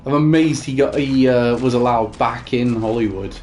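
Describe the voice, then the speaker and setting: A man's voice: medium pitch, moderate pace, a little mellow, a little hiss or hum. A young man chatting casually while gaming, telling rambling stories with many fillers and restarts. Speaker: gaming co-host.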